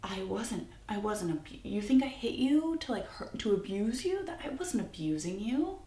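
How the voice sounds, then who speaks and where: A woman quoting a defensive, manipulative young man in her own story, in a hushed, wounded tone. The recording is in an echoey room. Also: medium pitch, very animated, moderate pace, voice pushed up, lightly acted.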